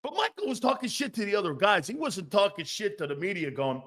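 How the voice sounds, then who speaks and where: A middle-aged man hosts a sports talk show with a fairly high voice. He talks bluntly and swears freely. He rants, reads out comments and mocks others. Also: sing-song, fast, hardly any pauses, fairly bright tone. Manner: blunt, profane, mocking put-on voices.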